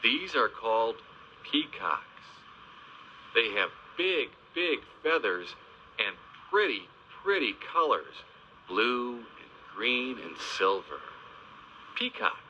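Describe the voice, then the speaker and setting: A man narrating a children's video in a slow, sing-song teaching voice, stressing each animal name with gentle, exaggerated emphasis. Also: medium pitch, sing-song, slight background noise. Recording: dull, lo-fi old video soundtrack.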